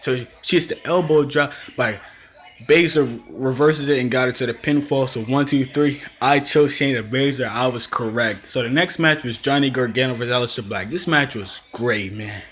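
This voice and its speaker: Animated young man recapping wrestling. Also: medium pitch, moderate pace. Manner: animated storytelling with acted-out quotes and laughs. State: coughing, throat acting up. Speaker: wrestling reviewer. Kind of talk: casual recap vlog.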